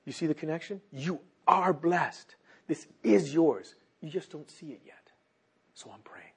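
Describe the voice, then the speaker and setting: A man preaching a sermon and leading prayer before a congregation in church. He exhorts earnestly, dropping to soft, near-murmured phrases and then rising again. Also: fairly high pitch, unhurried, gravelly, slightly rough.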